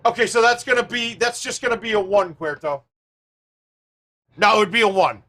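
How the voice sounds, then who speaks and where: A man hosting a live stream, chatting casually with viewers and thinking out loud as he plays a golf game. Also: sits high, expressive, normal speed.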